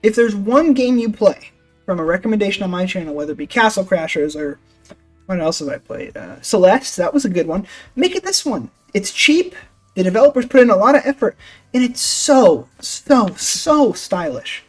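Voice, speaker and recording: A man's voice: sits high, lively intonation, moderate pace, faint music behind. A young man hosting his gaming channel, narrating a game review voice-over in a jokey, sarcastic way with casual swearing.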